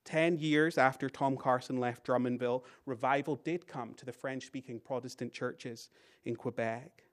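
A British man delivering a Sunday sermon, earnest and deliberate. His voice sits at an ordinary pitch, climbing for emphasis and falling away to a hush at the close of a thought, with key lines said twice. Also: fairly even intonation. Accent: British English. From Britain. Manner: rises for emphasis, drops very quiet at phrase ends. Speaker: preacher.

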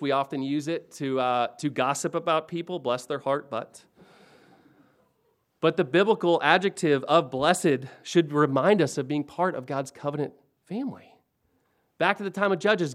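A man in his forties preaching a sermon, swinging between hushed and emphatic lines and building on repeated phrases. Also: fairly high pitch. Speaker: pastor.

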